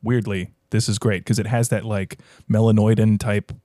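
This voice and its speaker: A man's voice: on the low side, little pitch movement, normal speed, warm tone, dry recording, clean studio sound. A man, a head brewer and podcast guest, talking shop in a rambling, technical, think-aloud way. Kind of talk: casual chat.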